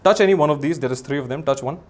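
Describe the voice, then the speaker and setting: A young man with an Indian English accent, a comedian and magician, hosts a live magic act before an audience, delivering playful, teasing, theatrical commands on stage. His slightly high voice races along over a noisy background.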